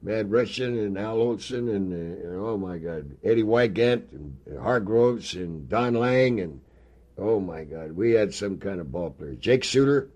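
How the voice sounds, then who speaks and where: A man's voice: fairly low pitch, expressive, a little slow, a little mellow, muffled recording. An older man telling rambling, folksy stories in an oral history interview. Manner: rambling storyteller, folksy, many fillers. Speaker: interviewee, former ballplayer.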